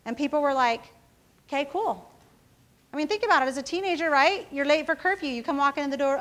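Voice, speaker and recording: A woman's voice: high voice, fast, fairly bright tone. A woman who founded a company, giving a casual motivational talk to students, telling self-mocking stories and often checking in with the audience. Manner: casual storytelling, often asking the audience "right?".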